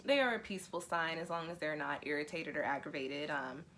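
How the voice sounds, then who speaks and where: Woman, astrology vlog host, casual and chatty, emotional, lowish voice. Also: a little fast, a bit bright, slight background noise. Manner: chatty, emotional, laughs often, many fillers. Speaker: astrology and tarot channel host.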